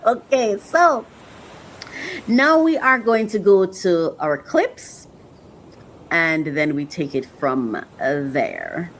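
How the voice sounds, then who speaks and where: A woman's voice: low voice, sing-song, slow, a bit bright, slight background noise, low-quality recording. A woman hosting a podcast, talking earnestly and reflectively, often repeating herself and getting emotional. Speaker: podcast host.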